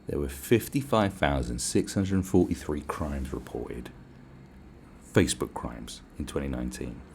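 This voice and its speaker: A man hosting a solo podcast, ranting in a sarcastic, sweary, animated way. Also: a bass voice, unhurried, gravelly, a little hiss or hum. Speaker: podcast host.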